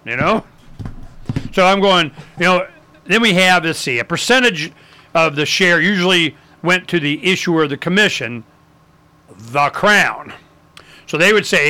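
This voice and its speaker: Bright, lively man telling history. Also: a little high, a little slow, pauses often. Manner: animated storyteller, acts out quotes, many fillers. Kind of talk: casual history talk.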